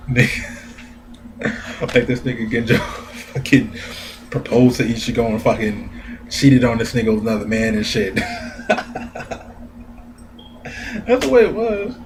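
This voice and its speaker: A man giving a casual, profane anime review rant, animated and laughing often. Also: mid-range voice, a little slow, pauses often, noisy background. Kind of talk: casual ranting commentary.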